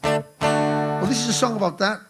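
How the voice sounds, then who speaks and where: A man's voice: sits high, animated, unhurried, vocal fry, loud music behind the voice. An older man, joking and rambling between songs as he hosts a live charity concert on stage. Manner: rambling, swearing, joking with the crowd. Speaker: musician hosting a charity concert.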